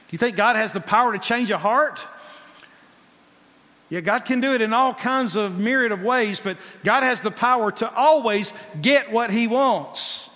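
A man's voice: high-pitched, pushed and bright. A male preacher giving an emphatic sermon that asks the congregation rhetorical questions, heard in a long hall reverb.

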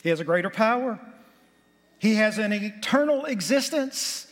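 A pastor, a man, preaches in a high voice, pressing his points with rising emphasis and folksy asides. His words ring out with a long reverb across a church sanctuary. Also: lively intonation, moderate pace. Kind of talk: sermon.

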